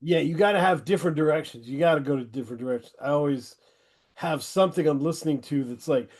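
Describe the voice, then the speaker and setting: Middle-aged man, podcast host, higher voice, eager casual chatter. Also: fast talker, darkish tone. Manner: enthusiastic, rambling recommendations. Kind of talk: casual interview chat.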